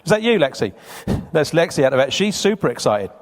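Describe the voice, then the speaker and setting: A man's voice: on the high side, big pitch swings, a little fast. A man speaking live to an audience at a seminar, chatty and teasing, quizzing the crowd. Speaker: event speaker. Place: conference hall with a live audience. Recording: long reverb of a large hall.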